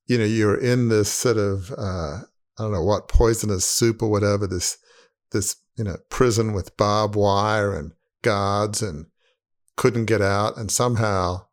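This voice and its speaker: A man hosts a conversational interview, his voice sitting on the low side. He asks long, searching questions, piling up vivid images as he feels his way toward the point. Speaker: podcast host.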